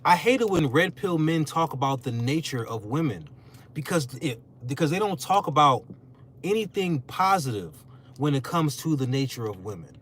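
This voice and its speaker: A man's voice: fairly high pitch, normal speed, a little hiss or hum. A young man and content creator talking in a casual, slangy rant on a podcast, emphatic and mocking. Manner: animated, emphatic, slangy, mocking quoted voices. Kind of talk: casual talk-show rant.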